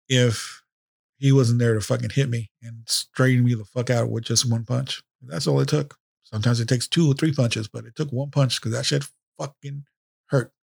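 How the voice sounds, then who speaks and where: A male podcast host speaks off the cuff, rambling and swearing raw emotion. His voice is gravelly and fairly flat in pitch. The close mic sounds dry, no room echo. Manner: emotional, profane, rambling with restarts. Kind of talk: casual unscripted podcast monologue.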